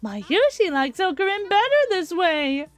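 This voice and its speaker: A woman's voice: very high-pitched, very animated, unhurried, heavily acted. A woman voicing a cheerful, naive teenage girl with a bubbly, sing-song way of talking, reading a visual novel aloud. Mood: sweet. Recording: faint music behind.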